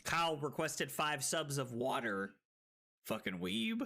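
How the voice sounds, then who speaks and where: Tipsy, excitable male streamer, bright voice. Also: measured pace, gravelly. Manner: excitable, swinging from loud shouts to low muttering; profane, laughing banter with chat. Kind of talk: live stream commentary on a card game.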